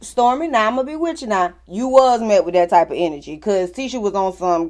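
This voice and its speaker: A woman's voice: medium pitch, animated, darkish tone. A woman hosting a casual reality TV recap, blunt and sassy, full of slang and swearing, who voices the cast's lines as she retells scenes. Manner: acts out the cast's lines in quick voiced quotes. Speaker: reality show recap host.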